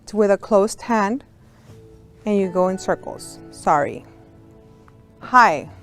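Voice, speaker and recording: A woman's voice: mid-range voice, lively intonation, slow, soft background music. A woman who works as a sign language interpreter, patiently teaching a beginner lesson to young students step by step.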